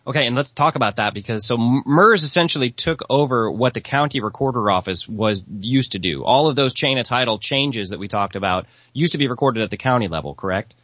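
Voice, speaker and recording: A man hosting a talk show, quick and agreeable, prompting his guest with questions. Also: medium pitch, animated, a bit bright, dry recording. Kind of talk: casual talk show conversation.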